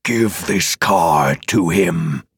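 A man voicing a huge menacing male dragon in an audiobook, with a deep, gravelly, rumbling voice and slow, drawn-out threats. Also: lively intonation, no room sound, studio quality, exaggerated voice. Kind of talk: audiobook character voice.

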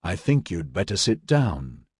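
A man's voice: sits low, very animated, measured pace, darkish tone, breathy edge, no room sound, clean studio sound, pitched below the performer's own voice, exaggerated voice. A man voicing a cautious, level-headed male soldier. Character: wary, steady male soldier.

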